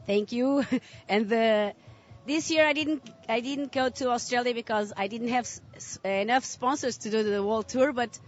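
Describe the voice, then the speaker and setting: A woman's voice: on the high side, moderate pace, lo-fi sound. A woman athlete interviewed after her heat, friendly and speaking in simple second-language phrasing.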